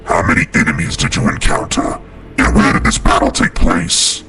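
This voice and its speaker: Growling superhuman warlord. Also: male voice, a bass voice, very animated, takes it slowly, background noise, pitched below the performer's own voice, full character voice. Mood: menacing. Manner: growling, snarling menace. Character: brutal superhuman male warrior, cold and menacing.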